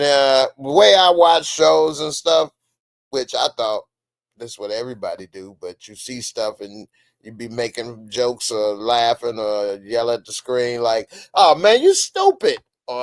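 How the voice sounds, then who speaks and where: A man's voice: mid-range voice, fairly even intonation, a little slow, no room sound. A man hosting a live show review, talking in a loose, slangy, joking way. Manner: laid-back, joking, loose slangy delivery. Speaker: show host.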